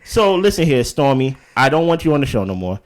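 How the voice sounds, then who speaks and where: A man's voice: mid-range voice, sing-song, fairly quick. A man co-hosting a reality show recap in casual chat, talking in an emphatic way and often repeating himself.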